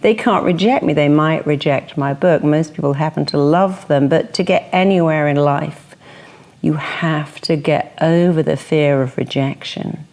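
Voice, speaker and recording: A woman with a very low speaking voice gives motivational advice in an interview. She talks in a lively way and acts out the voices of the people she quotes. Her tone is that of a therapist sharing lessons. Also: unhurried.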